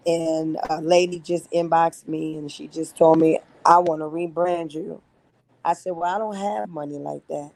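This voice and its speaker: A woman in her fifties giving an earnest, halting personal testimony to her church. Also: low-pitched, steady tone, gravelly, darkish tone. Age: 50s. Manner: earnest, halting, with frequent pauses. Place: livestreamed church gathering.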